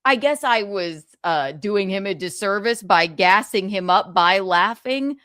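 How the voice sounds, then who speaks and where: A woman's voice: medium pitch, unhurried, no room sound, studio quality. Woman gossiping with laughing asides. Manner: laughing, animated storytelling with mimicked quotes. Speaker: stream guest. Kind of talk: casual gossip chat.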